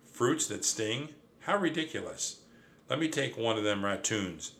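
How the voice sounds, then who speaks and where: A man voicing a brash, cocky male mouse cousin who boasts and shouts in an audiobook. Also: on the low side, expressive, unhurried. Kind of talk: audiobook character voice.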